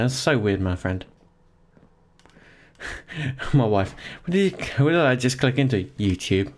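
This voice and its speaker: A young man games from his home office while chatting casually and jokingly to his live-stream chat, rambling and laughing often. His voice is medium-pitched with a darkish tone.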